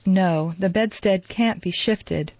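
Woman doing sick sad older guy, murmury and husky, dull dry lo-fi sound. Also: medium pitch, takes it slowly, darkish tone, dry recording. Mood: weary. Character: ailing middle-aged man, sad and forgiving.

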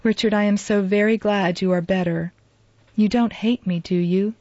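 A woman voicing a timid, remorseful young woman who speaks softly and kindly, in a storybook reading. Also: mid-range voice, fairly even intonation, moderate pace, dry recording, natural voice. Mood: anxious. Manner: soft, kindly, hasty when pressed. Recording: dull lo-fi dry recording.

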